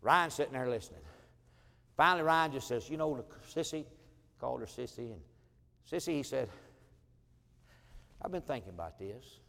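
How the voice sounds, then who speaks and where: A man's voice: mid-range voice, animated, moderate pace, vocal fry, pauses often, sharp tone. A middle-aged man preaching as pastor, telling family stories and acting out the people in them, with chuckling asides. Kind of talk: sermon. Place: church sanctuary. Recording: long church hall reverb.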